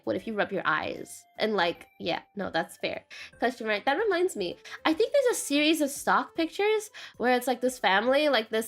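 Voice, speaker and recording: A woman's voice: on the high side, fairly bright tone. A woman streamer chatting casually and rambling, often saying "question mark" and laughing.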